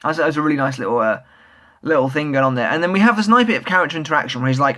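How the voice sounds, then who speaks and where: A man's voice: mid-range voice, sing-song, fast, fairly bright tone. A young man reviewing a manga chapter in a casual, rambling way, full of fillers and restarts, speaking as an eager fan. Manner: enthusiastic fan.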